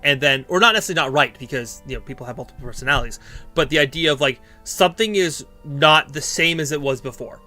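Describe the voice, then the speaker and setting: A man's voice: fairly high pitch, fast, sharp tone, soft background music. A man streaming live, chatting casually and giving character-writing advice, thinking aloud with lots of fillers.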